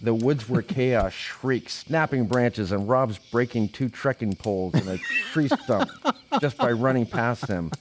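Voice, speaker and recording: A man, a podcast host, narrating a comedic spooky story in a deadpan voice that keeps cracking into laughter. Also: medium pitch, unhurried, a little hiss or hum.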